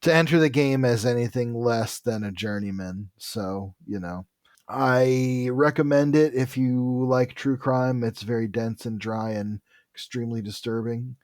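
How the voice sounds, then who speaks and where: A podcast co-host in his forties with a dry, wry sense of humor, chatting casually and trailing off softly. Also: medium pitch, a little slow, no echo. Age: 40s. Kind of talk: casual chat.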